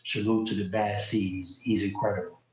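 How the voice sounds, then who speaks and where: A man's voice: fairly low pitch, level tone, a little fast, darkish tone. A middle-aged man, a rapper, chatting loosely with lots of slang on a cheap phone from a home hallway. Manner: loose slangy talk, full of "you know". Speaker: guest rapper. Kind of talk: casual interview chat. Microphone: cheap phone on a call. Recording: echoey muffled phone call.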